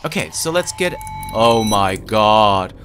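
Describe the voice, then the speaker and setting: A let's play gamer talks slowly through a creepy game, easily spooked and often exclaiming in nerves. The pitch rises and falls widely. Faint noise sits under the voice. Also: sing-song. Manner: slow, easily spooked, lots of nervous exclamations. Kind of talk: casual gameplay commentary.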